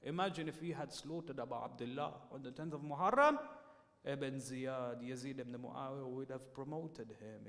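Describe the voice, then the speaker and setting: A man preaching a sermon in a mosque, telling a story with sharp rises and drops. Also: medium pitch. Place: mosque hall. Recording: long reverb in a mosque hall.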